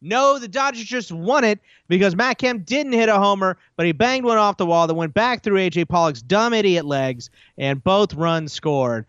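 A man's voice: high-pitched, lively intonation, moderate pace, few pauses, a bit bright, smooth, dry recording, highs cut off. Man doing a sour, sarcastic ballgame announcer. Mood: bitter. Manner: sarcastic, grumbling, crude. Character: bitter male baseball announcer, sarcastic.

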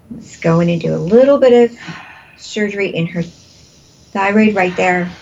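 A woman's voice: medium pitch, lively intonation, slow pace, gravelly, darkish tone, dull audio. A woman leading a guided energy healing session, soothing and repeating breathing cues, laughing often. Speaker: energy healer.

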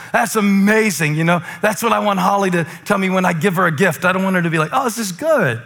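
Bright, animated man preaching a sermon. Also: sits high. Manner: playful, animated preaching with swings from loud to hushed. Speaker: pastor.

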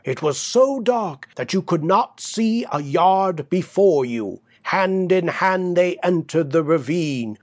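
A man narrating a classic story as an audiobook, measured and deliberate. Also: on the high side, darkish tone, no room sound, studio quality. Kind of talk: scripted narration.

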